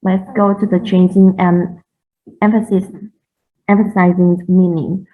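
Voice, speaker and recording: A woman presents a lesson carefully, pausing and repeating words as she goes. Her audio is thin and tinny, like it came through a phone line. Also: on the low side, little pitch movement. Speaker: student presenter. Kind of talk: class presentation.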